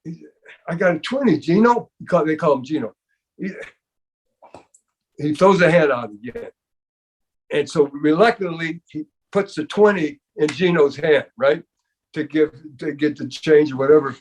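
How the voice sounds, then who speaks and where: An older man spins a long story in a casual interview, stumbling and restarting, dropping "man" and "you know" all through. His voice sits a bit higher than most men's. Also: normal speed, long pauses, breathy edge. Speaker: interview guest.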